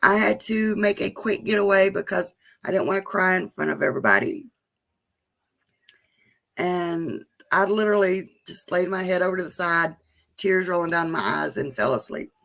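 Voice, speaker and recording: A woman's voice: fairly low pitch, animated, moderate pace, creaky, a bit bright. A woman, chatting casually and emotionally with viewers during a live stream. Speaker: vlogger hosting a live chat.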